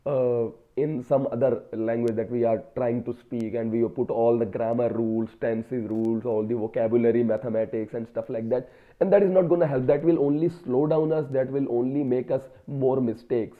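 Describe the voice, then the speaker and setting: A man's voice: medium pitch, steady tone, moderate pace. A man with an Indian English accent who has a cold, talking casually and hesitantly to his phone, with many fillers. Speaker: vlogger practicing spoken English. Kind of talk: casual solo talk to camera. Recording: tinny phone-like sound.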